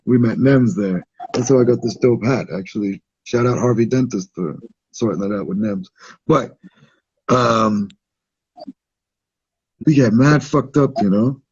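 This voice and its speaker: Irish guy telling a story, husky voice, swears a lot, laid back, dull lo-fi audio. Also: mid-range voice, unhurried, long pauses, darkish tone, no room sound. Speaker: guest. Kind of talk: casual storytelling chat.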